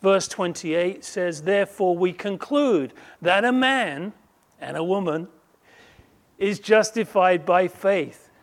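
Male preacher, high-pitched and unhurried; emphatic sermon delivery with hushed asides. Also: lively intonation. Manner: emphatic, swings between loud declaring and quiet asides; slow, measured delivery with quoted voices acted out.

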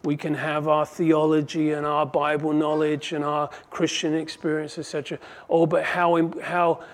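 Impassioned male preacher, fairly high voice. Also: a little mellow. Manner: impassioned, rising and falling in volume for emphasis. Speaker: pastor. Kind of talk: sermon.

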